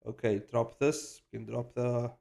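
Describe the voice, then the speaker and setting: A man chatting casually on a live stream while he animates, excitable and hyping himself up, swearing freely, rambling with restarts and slang. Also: mid-range voice, normal speed, creaky. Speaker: animator streaming his work.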